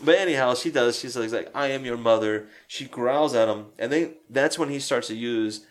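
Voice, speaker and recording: A man co-hosting a casual podcast about a film, animated and laughing, with lots of fillers and swearing. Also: mid-range voice, moderate pace. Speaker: podcast co-host.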